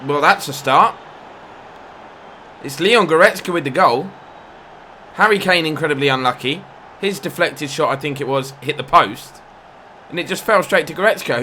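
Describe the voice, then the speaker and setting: A young man commentating on his football video game match, excitable and bursting into loud outcries at near misses and fouls. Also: a little high, a little hiss or hum. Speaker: gaming YouTuber.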